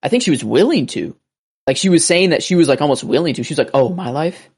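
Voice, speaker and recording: Male co-host, gravelly tone, rambling casual delivery, quotes characters as he explains. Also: big pitch swings. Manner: halting, full of "like", quotes characters in a low voice. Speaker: podcast co-host. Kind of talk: casual rewatch podcast chat.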